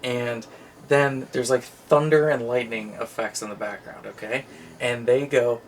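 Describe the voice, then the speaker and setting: A man's voice: medium pitch, fairly even intonation, a little slow, a little hiss or hum. A man chatting casually as a channel co-host, retelling movie scenes with put-on voices. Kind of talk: casual chat.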